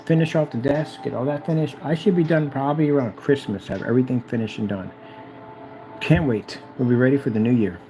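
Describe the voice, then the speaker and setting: A man's voice: mid-range voice, dark tone, poor audio. Hyped man rambling over music. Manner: hyped, repetitive, reads instructions aloud haltingly. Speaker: DIY projector screen vlogger. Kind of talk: casual self-recorded commentary.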